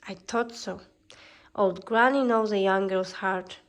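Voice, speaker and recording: A woman's voice: mid-range voice, fairly even intonation, a little slow, lightly acted. A woman putting on a sly old peddler hag. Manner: wheedling, calls listener dearie. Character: wicked queen disguised as old peddler woman, sly and coaxing. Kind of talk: storybook reading.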